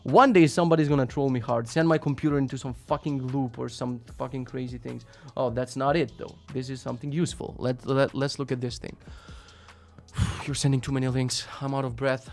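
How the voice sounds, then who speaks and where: A man hosting a live stream, reading out viewer links and reacting in a casual, profane, sarcastic way, jumping between loud rants and muttered asides. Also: medium pitch, fairly even intonation, brisk, creaky, faint music behind.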